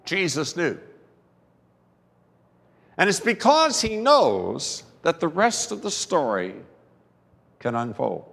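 A male pastor preaches at an unhurried pace, his fairly high voice swooping up and down with emphasis. He lingers on words and leaves dramatic pauses. The sound carries the long echo of a big church hall. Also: huge pitch swings, vocal fry, a bit bright. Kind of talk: sermon.

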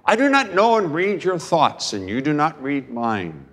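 A man preaching a sermon as a pastor, slow and deliberate, with dramatic pauses. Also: on the high side, huge pitch swings, fairly bright tone, big-room sound.

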